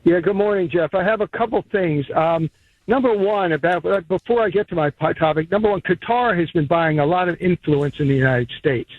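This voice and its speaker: A man's voice: high-pitched, fairly quick, no room sound. A man from Rhode Island calling in to a radio show, rambling through his points with restarts. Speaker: caller. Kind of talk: call-in radio talk. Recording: tinny phone line.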